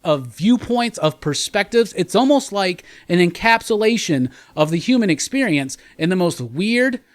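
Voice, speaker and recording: A man guest-hosting a comic book review, excitable and wordy, piling up adjectives as he raves. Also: high voice, moderate pace. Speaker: guest co-host from another channel. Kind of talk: enthusiastic review chat.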